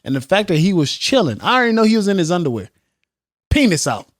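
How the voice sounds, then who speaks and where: A man's voice: high-pitched, big pitch swings, fast, no room sound, clean studio sound. A man co-hosting a casual podcast, joking and acting out quotes. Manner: joking, acts out quotes in silly voices. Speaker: podcast co-host. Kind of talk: casual chat.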